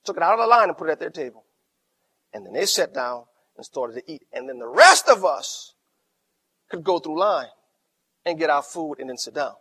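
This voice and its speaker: A middle-aged man preaches as pastor in a fairly high voice. He drops to near quiet in his stories, then rises into loud, emphatic lines. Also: sing-song, normal speed, pauses often, breathy edge. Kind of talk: sermon.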